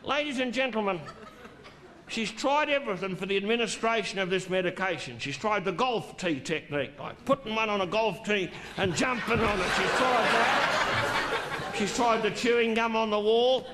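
A middle-aged man telling a crude, drawn-out stand-up story on a theatre stage, with theatrical pauses. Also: sits high, noisy background. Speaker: stand-up comedian. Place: theatre stage before a laughing audience.

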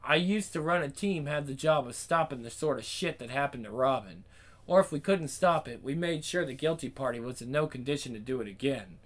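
A man's voice: medium pitch, animated, brisk, close to an everyday voice. A man voicing a blunt, sweary hard man. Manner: blunt, sweary, matter-of-fact. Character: gruff British hard man, blunt and sardonic.

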